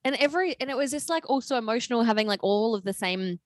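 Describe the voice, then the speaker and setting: This is a young woman in casual podcast chat, telling stories with gushing, animated energy. Her words tumble out at a brisk clip. The sound is dry and close, with no room around it. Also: on the high side, dry recording. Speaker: podcast co-host.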